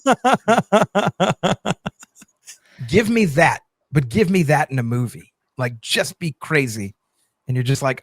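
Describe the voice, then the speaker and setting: Animated man in casual movie chat. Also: fairly high pitch, slow, long pauses, dry recording, studio quality. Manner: animated, repeats words and restarts, says "like" often. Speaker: podcast co-host.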